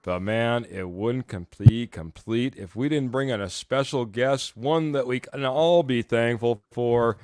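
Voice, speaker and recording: A man's voice: mid-range voice, unhurried, hardly any pauses, darkish tone, clean tone, no echo, clean studio sound. A man hosting a casual live sports fan show, upbeat and chatty, reading out viewer comments and laughing often. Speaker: host.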